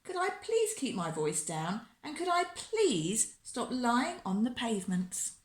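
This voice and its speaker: A woman voicing a patient, weary mother who scolds gently in a storybook reading. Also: on the high side, sing-song, unhurried, reverberant. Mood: calm, scolding.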